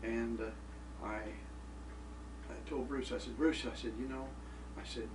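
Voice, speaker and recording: A man's voice: medium pitch, steady tone, unhurried, long pauses. A middle-aged man telling a family story in a homespun way, often repeating "I said" and "he says.". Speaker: father giving a tribute. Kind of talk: storytelling testimony. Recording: roomy room picked up from a distance with noise.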